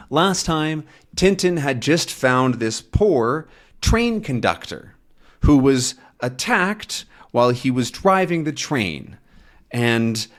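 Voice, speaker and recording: A man teaching English with a comic, explaining patiently and rephrasing words in simple terms. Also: mid-range voice. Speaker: English teacher and channel host. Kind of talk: slow explanatory language lesson.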